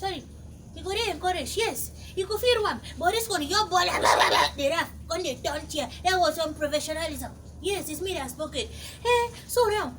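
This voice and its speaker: A Nigerian woman comedian with a Pidgin English accent, giving animated, laughing comic commentary. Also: very high-pitched, a little hiss or hum.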